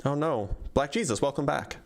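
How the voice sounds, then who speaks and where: A man's voice: fairly high pitch, vocal fry. A man hosting a live-streamed debate, speaking in a dry, teasing, casual way. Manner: dry, teasing, quick back-and-forth. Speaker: debate host.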